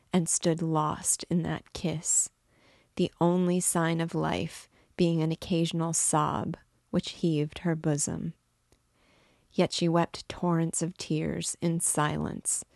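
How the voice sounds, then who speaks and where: A woman reads a classic novel aloud in a low, unhurried voice. Her storytelling is measured and expressive, with a dry, close sound and no room echo. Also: creaky. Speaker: book reader and guide. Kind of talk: literary read-aloud narration.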